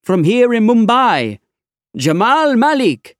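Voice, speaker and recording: A showy quiz show presenter, as a reader puts him on who announces in a raised, drawn-out voice. The delivery is grand and lively, recorded dry and close. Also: mid-range voice, no echo, pitched above the performer's own voice. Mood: announcing.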